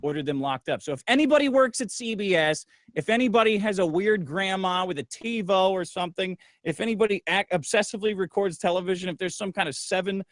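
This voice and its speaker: A middle-aged man telling a profane, brash story in casual livestream talk, acting out other people's lines in a lower voice. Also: quick pace, few pauses, fairly bright tone, dry recording, clean studio sound. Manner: acts out others' lines in a low voice. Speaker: guest.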